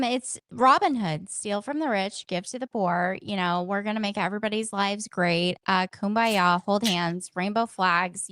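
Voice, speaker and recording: A woman's voice: medium pitch, fairly bright tone, no echo, clean studio sound. A woman co-hosting a political talk podcast, blunt and sarcastic, swearing casually as she talks. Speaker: podcast co-host.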